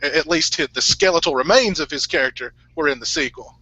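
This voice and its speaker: Man, chatty movie commentary, bright timbre, slightly muffled recording. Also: a little high, fast. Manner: animated, chatty, trivia-sharing. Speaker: podcast co-host. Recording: slightly dull lo-fi audio.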